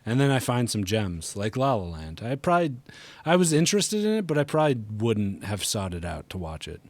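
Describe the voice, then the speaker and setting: A man's voice: mid-range voice, brisk, dry recording. A man with a mild Wisconsin accent, co-hosting a casual gaming podcast and telling tall tales with a straight face. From Wisconsin, USA. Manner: joking, tells tall tales deadpan. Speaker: podcast co-host.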